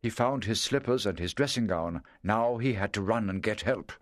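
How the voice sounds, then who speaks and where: A man narrating a story in a measured, clear reading voice. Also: lowish voice, no room sound, studio quality.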